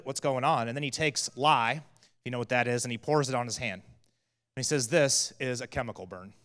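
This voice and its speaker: A man's voice: mid-range voice, pushed and bright, clear, resonant tone. A man who is a teaching pastor, giving a sermon in a casual storytelling way with many fillers. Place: church hall. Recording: long church hall reverb.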